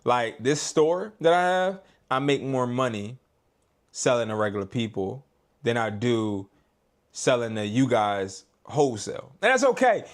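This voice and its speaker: A man hosting a live stream as a reseller, talking in a casual, slangy and exasperated way. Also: mid-range voice.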